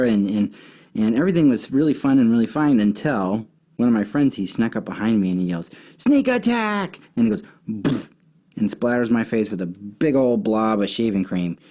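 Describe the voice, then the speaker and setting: A man's voice: lowish voice, warm tone. Chatty man telling a lesson story. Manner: chatty, with many fillers and restarts. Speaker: children's Bible teacher.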